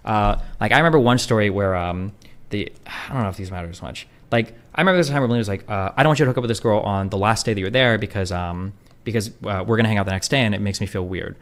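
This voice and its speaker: A man talking casually on a stream, rambling fast with lots of swearing and fillers. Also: lowish voice, fairly bright tone. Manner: rapid, profane, filler-heavy. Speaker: streamer in clip.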